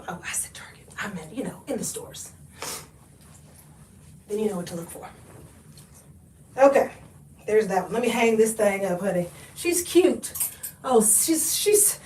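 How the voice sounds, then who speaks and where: High-voiced woman, laughing livestream chatter. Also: recorded from a distance. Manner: chatty, laughing, folksy "honey" and "y'all". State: out of breath. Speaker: thrift haul livestream host. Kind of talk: live try-on chat with viewers. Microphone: camera mic, often stepping away from it. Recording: echoey room, voice often off-mic.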